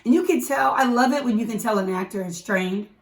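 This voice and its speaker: A woman co-hosting a casual movie review, talking in a chatty, animated way with quick asides. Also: a little high. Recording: echoey room, mic at a distance.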